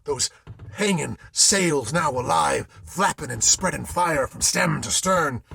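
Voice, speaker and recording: A man's voice: a little high, expressive, takes it slowly, creaky, sharp tone, a little hiss or hum. A man telling a ghost story dramatically, in the voice of an old-time sailor recounting his tale. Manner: old-time sailor's speech, theatrical delivery.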